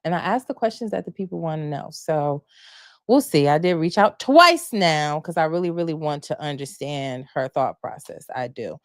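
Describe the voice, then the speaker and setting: Animated woman recapping gossip, low voice. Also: moderate pace, no room sound, clean studio sound. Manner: animated, gossipy, rhetorical questions. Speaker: podcast host. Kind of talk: casual live recap chat.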